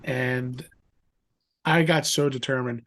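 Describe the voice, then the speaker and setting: A middle-aged man telling a story in a rambling, animated way, acting out the voices of others. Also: medium pitch, takes it slowly. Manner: animated, acts out quoted voices; rambling with fillers and restarts. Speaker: guest. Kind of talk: casual storytelling.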